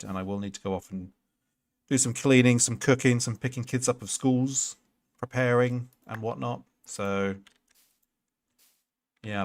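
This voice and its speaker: A man's voice: on the low side, dry recording. A man in his thirties streaming a block-building game, chatting casually and answering his chat with jokey asides. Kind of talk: casual Minecraft livestream chat. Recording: loud background noise.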